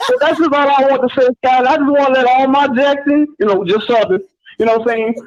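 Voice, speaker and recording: A man's voice: very high voice, fast. A male caller on a call-in show, teasing and laid-back in casual chat, often saying "you know what I'm saying". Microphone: phone. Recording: muffled phone line.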